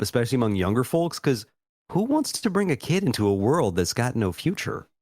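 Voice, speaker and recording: A man's voice: medium pitch, no room sound, studio quality. An American man in his thirties co-hosting a podcast, chatting casually with a profane, self-mocking, rambling manner. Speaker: podcast co-host.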